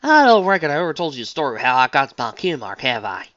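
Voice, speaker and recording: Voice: mid-range voice, sing-song, quick pace, a bit bright, no room sound, pitched above the performer's own voice. A reader voicing a stubborn, plainspoken country farm pony mare with a folksy drawl, on a dull lo-fi recording. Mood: sheepish. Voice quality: folksy southern-style drawl.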